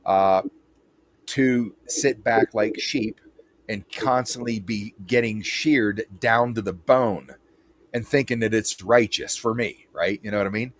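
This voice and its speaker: A man's voice: fairly low pitch, unhurried, a little hiss or hum. A man hosting an interview, talking bluntly and emphatically with frequent restarts. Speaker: interview host. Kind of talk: casual interview chat.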